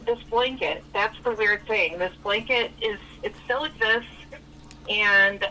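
A chatty woman caller retelling events over the phone, slipping back and forth between her own words and the other people's lines. Her voice is bright and sharp. The phone line sounds distant, with a faint hiss behind her. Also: medium pitch, measured pace. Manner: chatty, retells dialogue with "I was like". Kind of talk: casual storytelling. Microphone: telephone.

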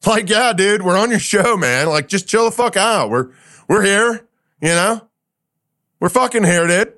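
A man voicing a young, brash male thunder god who talks like a loud gym bro, full of dude and man. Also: sits high, lively intonation, a little slow. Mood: cocky.

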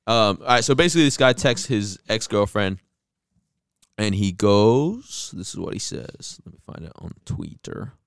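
A man with a very low, smooth, resonant voice, talking casually as a podcast co-host. He reads a long message aloud at an even pace, and the sound is dry and close on the mic. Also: normal speed, no echo. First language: Arabic.

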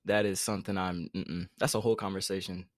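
A man's voice: low-pitched, steady tone, quick pace, dry recording, clean studio sound. A young man from the Carolinas co-hosting a podcast in casual, slangy chat, often laughing. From North Carolina. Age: young adult. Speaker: podcast co-host.

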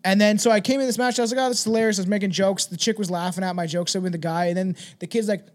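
A man's voice: high-pitched, fairly even intonation, fast talker. A man hosting a podcast, telling a rambling, profane story in casual chat and laughing as he talks. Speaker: podcast host.

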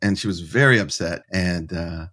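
Low-voiced man telling a story. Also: moderate pace. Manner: animated storyteller, acts out quoted voices. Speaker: author and professor, podcast guest. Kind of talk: storytelling interview answer.

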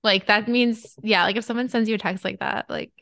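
A woman's voice: mid-range voice, steady tone, fairly quick, vocal fry, a bit bright, dry recording, studio quality. A woman co-hosting a book podcast in casual chat, filling her talk with "like" and laughing often. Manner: chatty, lots of "like", giggly. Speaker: podcast co-host.

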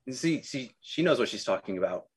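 A man's voice: mid-range voice, animated, a little fast, husky. A man playing a tabletop game, chatting and joking casually. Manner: playful, joking. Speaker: player. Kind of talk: casual chat.

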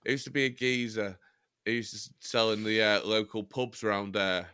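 Guy co-hosting a podcast, rambly and jokey, bright voice, dry close sound. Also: fairly low pitch, steady tone, brisk, smooth, dry recording. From Chester, England. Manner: rambling, jokey, swears casually. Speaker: podcast co-host. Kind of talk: casual banter.

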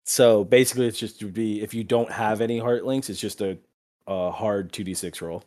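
A man's voice: lowish voice, steady tone, normal speed, a little mellow. A man narrating as game master in a tabletop game, laughing often and using many fillers.

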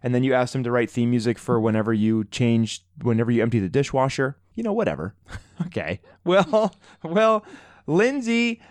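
A man's voice: medium pitch, expressive, normal speed, darkish tone, no room sound, studio quality. A man co-hosting a podcast in casual chat, playful and jokey as he tells a story. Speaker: podcast co-host.

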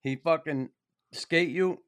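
Profane, animated podcast host. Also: male voice, fairly high pitch, slow pace. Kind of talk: casual chat.

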